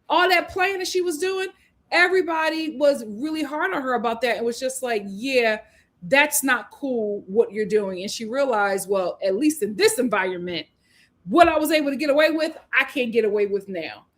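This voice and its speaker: A woman with a slightly high voice hosts a live show recap. She talks emphatically and argues her points, reading out viewers' comments as she goes. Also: animated, a little fast. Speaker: host.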